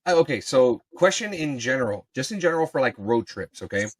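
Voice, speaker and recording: A man's voice: medium pitch, very animated, brisk, no room sound. Male podcast host, mocking banter, dry close mic. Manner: teasing, crude banter. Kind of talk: casual chat.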